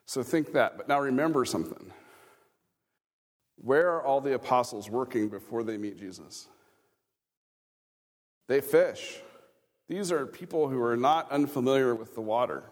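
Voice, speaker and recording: A man's voice: mid-range voice, lively intonation, moderate pace, long pauses. A man, a pastor preaching a conversational sermon with chuckling asides and questions to the congregation. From Kansas. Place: church sanctuary. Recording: reverberant church hall.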